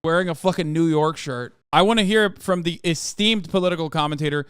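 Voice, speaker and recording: A man hosts a reaction stream, talking in an animated, profane and sarcastic way. His voice sits high and sounds smooth and resonant. The sound is dry and close to the mic. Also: brisk, no echo. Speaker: streamer host. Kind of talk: casual reaction commentary.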